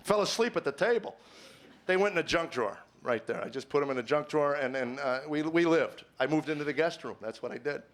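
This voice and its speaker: A man's voice: fairly high pitch, lively intonation, fast. Earnest middle-aged man telling a stage story. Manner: earnest, stammers with repeated words, swings from quiet musing to emphatic preaching. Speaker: comedian. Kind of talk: confessional stand-up storytelling. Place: stage before a live audience.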